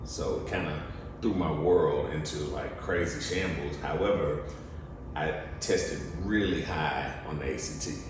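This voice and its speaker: Brief: young male actor, low voice, lively storyteller, distant mic with background noise. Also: measured pace, heavy reverb. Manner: lively storyteller, acts out quotes. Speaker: guest, actor and studio co-founder. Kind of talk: animated storytelling interview.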